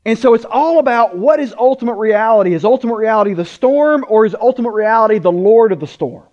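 A man preaching a sermon, emphatic, asking rhetorical questions and slowing down to stress words. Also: high voice, lively intonation, a little mellow, lo-fi sound. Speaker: pastor.

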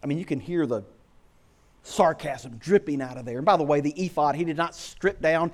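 A man's voice: on the high side, moderate pace. A man preaching a sermon as a pastor, telling stories with lots of rhetorical questions. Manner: animated storytelling with rhetorical questions.

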